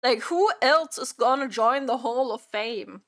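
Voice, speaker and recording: A woman streamer chatting during a live reaction stream, exasperated and repeating her own phrases out loud. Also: on the high side, a little slow.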